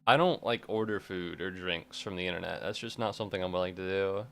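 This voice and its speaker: A man's voice: deep voice, brisk, vocal fry, a bit bright, clear, resonant tone. A young man in his twenties, a college student chatting casually on a live stream, rambling, swearing freely and laughing often. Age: 20s.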